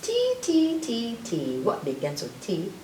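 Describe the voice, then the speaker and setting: A woman reading an alphabet picture book aloud to children, with drawn-out letter sounds. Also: a little high, wildly swooping pitch, a little mellow, echoey room, far from the mic, a little hiss or hum, rough recording. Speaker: librarian storyteller.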